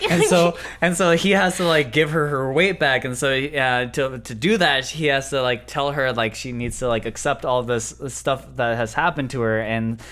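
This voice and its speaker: A man's voice: mid-range voice, moderate pace, few pauses, fairly bright tone. A tipsy young man, a guest on a casual chat, stumbling through a long plot summary with lots of fillers. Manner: rambling, hesitant, full of "like". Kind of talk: drunk casual chat, retelling an anime plot.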